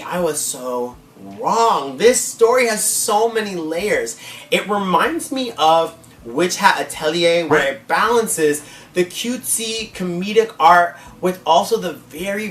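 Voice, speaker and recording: A woman's voice: on the low side, fairly bright tone. A trans woman, a drag queen, chatting in a sassy, gushing way in a casual haul vlog. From United States. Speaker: manga collector vlogger. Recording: echoey room, faint ambient noise.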